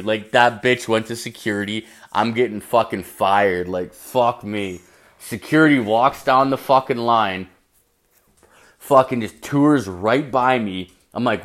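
A man's voice: mid-range voice, measured pace. A young man telling a personal story in a casual, rambling way, swearing constantly and filling his sentences with "like".

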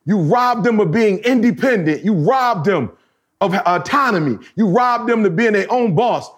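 A high-pitched man co-hosting a podcast in loose casual chat. He speaks in a colloquial way and laughs as he tells stories. He drives points home by repeating the same phrase again and again. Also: animated, normal speed. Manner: emphatic, repeats phrases for effect. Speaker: podcast co-host.

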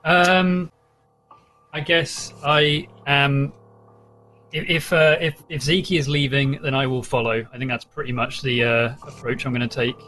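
A man's voice: mid-range voice, little pitch movement, measured pace, bright, forceful tone, soft background music. A man playing a tabletop game, stammering a little as he decides on his character's approach. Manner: hesitant, stammering. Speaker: player. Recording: distant from the mic.

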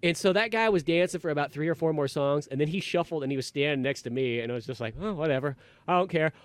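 A man hosting a podcast, telling a rambling, animated story in casual chat and acting out quotes in a raised voice. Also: fairly high pitch, fast, dry recording. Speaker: podcast host.

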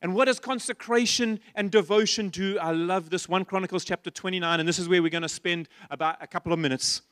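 A man's voice: high-pitched, steady tone, quick pace, fairly bright tone, dry recording, clean studio sound. A man preaching a sermon in church, passionate and repetitive, asking his listeners rhetorical questions. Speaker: pastor.

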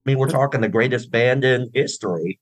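The guest is a tribute drummer for a famous band in a casual interview, talking at length and rambling with many restarts and fillers. His mid-range voice is husky and brisk, and the recording is dry but poor in quality.

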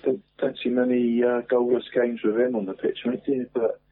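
Man, husky, tinny phone sound, chatty football co-host. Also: mid-range voice, little pitch movement, fairly quick. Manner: chatty, says "mate" constantly, laughs often. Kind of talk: casual chat.

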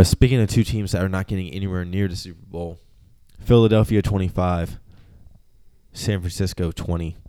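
A man's voice: lowish voice, darkish tone, clear, resonant tone, dry recording. A man co-hosting a sports podcast, cocky and swearing in casual banter. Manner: cocky, swears, repeats himself. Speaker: podcast co-host.

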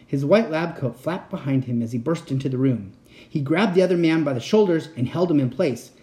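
A man reading a spooky children's chapter book aloud as narrator. His delivery is steady and expressive, with a lively, rising and falling pitch and a dark, mellow tone. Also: fairly quick. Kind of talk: storybook reading.

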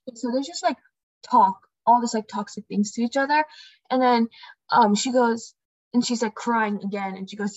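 On a dry, dull lo-fi mic with no echo, a young book discussion co-host reads out quotes in casual conversation, sprinkling in frequent "um"s and "like"s. Her voice is a little high and darkish in tone, at a moderate pace.

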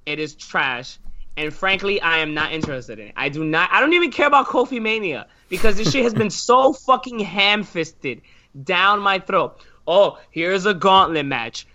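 A man ranting sarcastically and loudly on a casual podcast, swearing often. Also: high-pitched, animated, normal speed, slight background noise. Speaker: podcast co-host. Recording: dull lo-fi sound.

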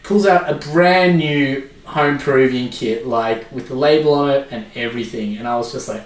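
A man's voice: medium pitch, normal speed, hardly any pauses. An Australian man telling a casual story, his talk loose and full of "like". He sits back from the mic, so his voice comes through distant in a reverberant room. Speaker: podcast co-host. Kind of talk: casual chat.

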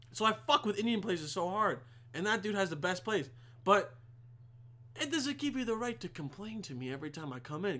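Give me a young man in a crude, rambling rant, with a very lively, high voice. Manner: crude, rambling and emphatic, heavy swearing. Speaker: vlogger. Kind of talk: profane comedic rant.

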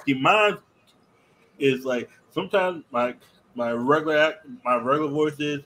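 A man co-hosting a casual podcast chat, telling animated stories and swearing freely, with a Southern and New England accent. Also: a little high, normal speed. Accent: Southern US mixed with New England. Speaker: podcast co-host.

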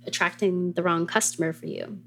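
A woman hosting a podcast interview, relaxed and casual, saying "like" a lot. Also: on the low side, a little fast, gravelly, a little hiss or hum. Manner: relaxed, lots of "like". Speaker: podcast host.

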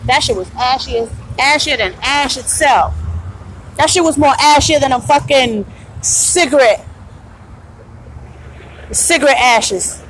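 A woman's voice: high-pitched, unhurried, long pauses, fairly bright tone, a little hiss or hum, rough recording. A tired woman in pain, venting bluntly and profanely about customers at her retail job in a casual podcast monologue.

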